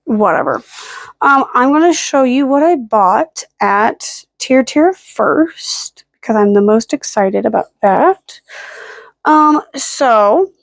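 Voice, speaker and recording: Filming herself at home with the camera at arm's length, a woman vlogger rambles through a casual, self-deprecating video full of "like" and "um." Her fairly high voice is animated but slow, and she hiccups and burps along the way. The recording is dry.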